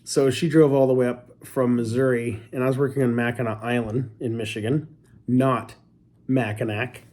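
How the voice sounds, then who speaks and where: A talkative man from Canada chatting casually with his wife, quick to joke and poke fun at himself. His voice sits at an ordinary middle pitch, and he rambles from one story to the next. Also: steady tone, darkish tone. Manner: chatty, joking, self-deprecating. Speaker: co-host. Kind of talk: casual couple chat.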